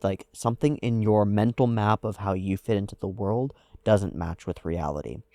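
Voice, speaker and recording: Low-voiced man musing in dry sound. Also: mellow, dry recording. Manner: thoughtful, analytical, hedging with "like". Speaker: anime reaction host. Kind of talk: casual reflective commentary.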